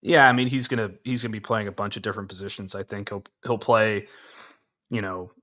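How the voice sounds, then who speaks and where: A man plays a sports talk co-host, his lowish voice bright and forceful, with fairly even intonation and a slightly fast pace. He gives firm opinions casually and often restarts his sentences.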